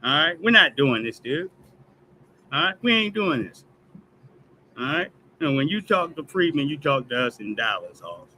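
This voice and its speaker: A man's voice: a little high, big pitch swings, moderate pace, long pauses, pushed and bright, slight background noise, rough recording. A man hosting a news commentary stream, ranting emphatically and tagging lines with "all right?". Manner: emphatic, repetitive "all right?" tags, heated and profane. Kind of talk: casual commentary rant.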